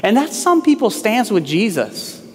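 A man's voice: high-pitched, sing-song, unhurried, long reverb tail. A man preaching a sermon as pastor, in a conversational way that acts out quoted lines.

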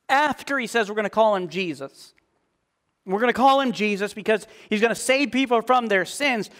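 High-voiced, slow preaching man. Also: a bit bright. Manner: emphatic, quotes scripture in a slower, lifted voice. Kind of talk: sermon.

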